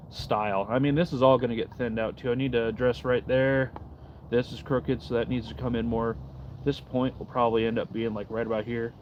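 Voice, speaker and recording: A man's voice: mid-range voice, dull audio, a little hiss or hum. Laid-back man chatting on a livestream. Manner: laid-back, reads and answers chat while carving. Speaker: livestream host. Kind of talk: casual livestream chat. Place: outdoors in the cold.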